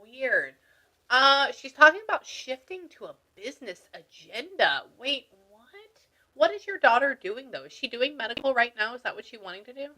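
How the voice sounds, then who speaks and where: A woman spiritual medium giving a reading, animated and exclamatory, breaking off to mutter asides. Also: sits high, moderate pace. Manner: excited, exclamatory.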